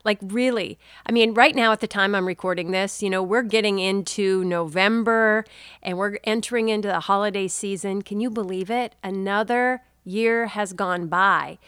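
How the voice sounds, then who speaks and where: A woman in her forties hosting a podcast, chatting warmly and inspirationally, calling the listener dear. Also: medium pitch, smooth, dry recording, clean studio sound. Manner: warm-hearted, chatty, addresses listener as dear. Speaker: podcast host. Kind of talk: casual inspirational monologue.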